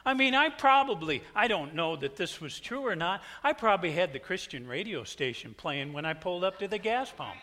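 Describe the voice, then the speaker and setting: A male pastor telling a story in a sermon, animated, swinging from hushed asides to shouts. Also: fairly high pitch, brisk, few pauses.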